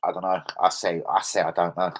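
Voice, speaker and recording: A man hosting a football fan stream, talking in an excitable, slangy, profane, rambling way. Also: sits low, a little fast, poor audio. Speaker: host of a football fan channel. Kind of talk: casual live-stream chat.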